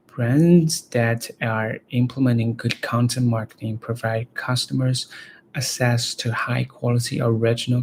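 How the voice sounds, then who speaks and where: Slow, gravelly man practicing reading aloud. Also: medium pitch, a little hiss or hum, rough recording. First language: Chinese. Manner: halting, repeats words and phrases to practice them. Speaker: language learner reading aloud.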